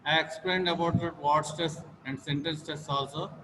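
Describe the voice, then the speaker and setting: A man's voice: on the high side, steady tone, normal speed. A man teaching English in an online class, repeating phrases again and again for his students to echo. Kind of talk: online class lecture with call-and-repeat drills. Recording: long reverb, faint noise.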